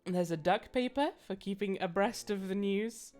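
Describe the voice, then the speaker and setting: A woman's voice: medium pitch, moderate pace, darkish tone, soft background music. A woman hosting a casual game stream, playful and teasing, thanking viewers and chatting with her co-player. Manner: playful, teasing, reads chat aloud. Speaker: streamer host.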